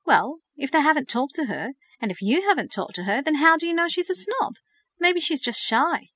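A woman's voice: high voice, lively intonation, moderate pace, bright, forceful tone, no room sound, voice pushed up. A woman reading the part of an earnest, hopeful teenage girl of faith. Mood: indignant. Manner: earnest, eager. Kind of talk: audiobook reading.

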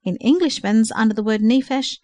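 Woman reading a story aloud, even and clear, dry close mic. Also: on the high side, fairly quick, dry recording. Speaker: narrator. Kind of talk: audiobook narration.

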